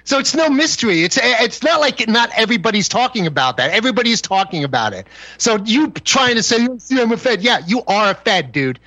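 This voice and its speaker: A man's voice: sits high, big pitch swings, a little fast, pushed and bright, no echo, lo-fi sound. A man arguing on a call-in radio show as a guest, confrontational and profane, hammering the same insults over and over. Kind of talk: heated call-in radio argument.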